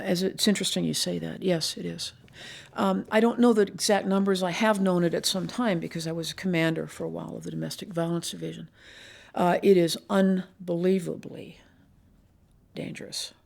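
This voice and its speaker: An older woman with a deeply gravelly, creaky voice tells her stories slowly and thoughtfully, pausing to remember details. She speaks as a retired police commander looking back in an interview. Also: a little mellow. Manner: measured, reflective storytelling with pauses. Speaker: retired police assistant chief. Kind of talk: recounting memories in an interview.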